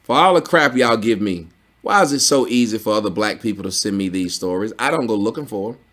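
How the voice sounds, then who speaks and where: A man hosting a commentary video, ranting in a blunt, profane, mocking way that swings from low grumbling to loud exclamations. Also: expressive, brisk. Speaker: commentary channel host.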